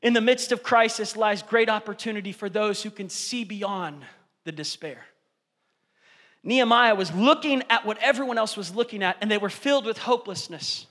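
A male pastor preaches with emphatic, exhorting energy in a high, bright, forceful voice. His words carry a long reverb that fills a large church hall. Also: moderate pace. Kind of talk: sermon.

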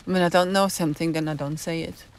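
A woman's voice: sits low, fairly even intonation, fast. A woman hosting a live stream, musing in a rambling way and stopping often to search for words. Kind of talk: casual live-stream monologue answering chat.

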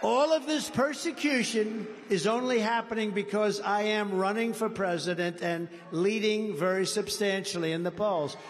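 A man giving a campaign rally speech in a large indoor venue. He rambles and repeats himself for emphasis, swinging from shouted lines to low asides. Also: normal speed, few pauses. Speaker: political candidate. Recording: reverberant hall, faint background noise.

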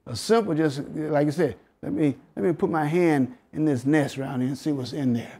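A man's voice: a little high, normal speed, dark tone, breathy edge. Southern American man teaching scripture. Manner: preachy, coaxing the audience with questions and chuckles. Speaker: health lecturer. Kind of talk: interactive Bible health lesson.

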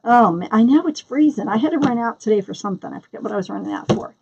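A woman's voice: fairly high pitch, lively intonation, rapid-fire, vocal fry, warm tone, husky, muffled recording. A middle-aged woman hosting a live craft tutorial, chatting casually and greeting viewers by name as she works. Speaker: crafting livestream host.

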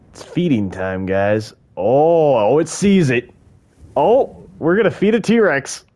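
A man giving live gameplay commentary, muttering and swearing to himself, with loud frustrated outbursts. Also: on the high side, lively intonation, slow, pauses often. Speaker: gaming video host.

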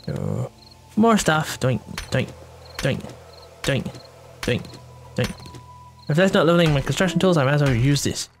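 Hushed, playful gameplay commentator. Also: mid-range voice, lively intonation, unhurried, pauses often, soft background music. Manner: hushed, keeping quiet for a sleeping household; playful, hums silly sound effects while working. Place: home room at night.

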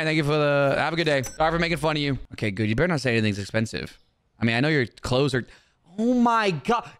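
Loud, swinging young man gaming. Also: medium pitch. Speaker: gaming YouTuber. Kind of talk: comedic gameplay commentary.

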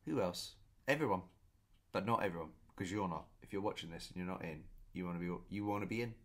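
A man telling a story in a casual vlog, chatty and animated, often repeating himself. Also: sits low, fast. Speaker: vlogger.

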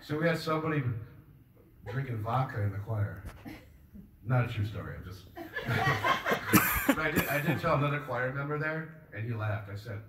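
A man doing a stand-up comedy set on a club stage, rambling in a deadpan way with many filler pauses. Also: mid-range voice, very noisy. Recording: roomy, distant mic with faint ambience.

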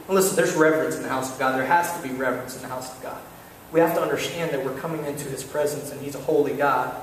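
A man preaching a sermon, animated storytelling with repeated calls to listen. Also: fairly high pitch, fairly quick, slight background noise. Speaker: pastor. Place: church sanctuary. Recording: echoey church hall, mic far off.

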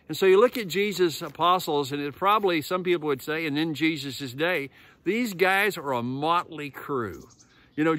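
A man's voice: on the high side, no echo. Man preaching a conversational sermon. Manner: conversational preaching, retelling stories in lively quoted voices. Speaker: pastor.

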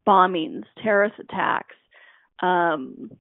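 A woman's voice: fairly low pitch, slow pace, no room sound. A woman hosting a self-help radio show, talking in an earnest, coaching way and repeating her key phrases. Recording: dry tinny phone-like line.

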